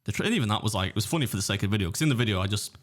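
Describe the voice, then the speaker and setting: A man's voice: on the low side, expressive, very fast. An English man telling a rambling story in a casual podcast chat, with frequent restarts. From England. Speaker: guest, food challenge YouTuber.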